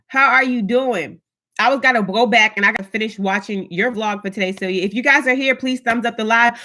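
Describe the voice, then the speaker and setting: A woman's voice: on the high side, fast, sharp tone. Chatty woman hosting a live stream. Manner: chatty, greets viewers by name, upbeat. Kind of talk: casual live-stream chat.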